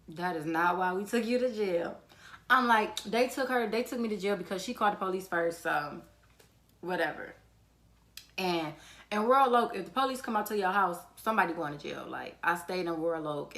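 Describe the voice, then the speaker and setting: A young woman from the telling a storytime, swearing freely and acting out what people said. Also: fairly low pitch. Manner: animated, swears freely, acts out quotes in a raised voice. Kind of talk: casual storytelling to camera.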